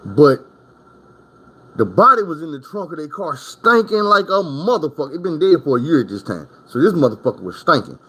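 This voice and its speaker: A man's voice: a little high, big pitch swings, fairly quick, sharp tone, breathy edge. A man from Arkansas, telling prison stories in a casual storytime monologue. His talk is profane and rambling, full of asides to the listener.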